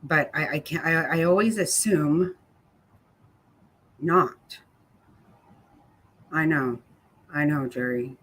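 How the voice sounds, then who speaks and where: A woman with a low, husky, slightly bright voice reads her livestream chat slowly, pausing often. Her casual commentary is angry and blunt as she addresses viewers by name and swears freely.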